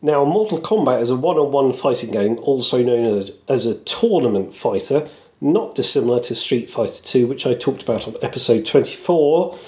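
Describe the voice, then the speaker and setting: Animated and dark-toned, a man with a mid-range voice co-hosts a podcast at a moderate pace, covering casual chat and a scripted segment. He chuckles at himself and quotes lines using put-on voices.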